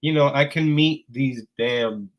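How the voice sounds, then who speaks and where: A man's voice: mid-range voice, a little slow. A man hosting a casual livestream talk, rambling loosely and laughing often, with a cold that keeps him sneezing. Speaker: host.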